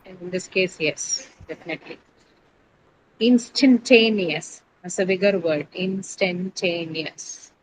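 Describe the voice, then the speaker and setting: A woman's voice: fairly low pitch, fairly even intonation, a little fast, hardly any pauses, poor audio. A woman teacher leads a pronunciation lesson in a classroom, asking her students questions as she goes. She explains each point step by step, hesitates on fillers and corrects her own slips. A faint hum of ambience sits behind her voice.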